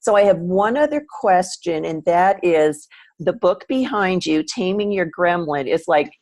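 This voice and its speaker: Woman host, measured and reflective, lowish voice. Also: expressive, darkish tone. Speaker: interview host. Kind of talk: casual interview chat.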